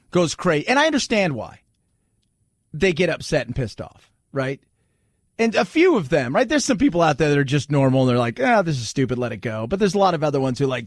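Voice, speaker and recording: A man hosts a talk radio show with a swooping, lively delivery and a slightly high voice. He jokes and mocks, now and then slipping into put-on voices. The studio sound is dry and close. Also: dry recording. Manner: animated and joking, with mocking put-on voices. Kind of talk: opinionated talk radio monologue. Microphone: studio microphone.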